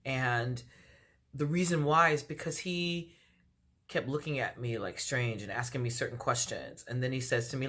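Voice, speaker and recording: A woman from Washington, D.C., with a very deep, slightly bright voice, speaks at a moderate pace. As a vlogger doing a storytime monologue to camera, she recounts a personal story, acting out both sides of the dialogue and using lots of fillers.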